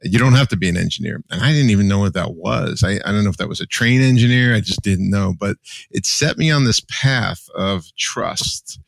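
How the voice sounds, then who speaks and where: A man's voice: fairly low pitch, lively intonation, normal speed, vocal fry, dry recording. A man in his sixties from New Jersey, a podcast guest telling his life story candidly and with emotion. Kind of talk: personal storytelling.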